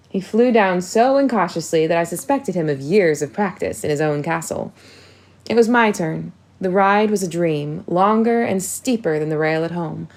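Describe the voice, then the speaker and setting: Gravelly woman reading an audiobook. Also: on the low side, animated, normal speed, a little mellow. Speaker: audiobook reader. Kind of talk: first-person audiobook narration.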